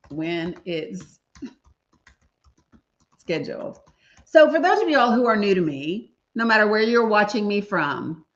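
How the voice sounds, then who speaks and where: Speaking emphatically and directly to viewers, a woman hosts a casual livestream in a medium-pitched voice with a fairly bright tone. The stream's audio comes across dull and lo-fi.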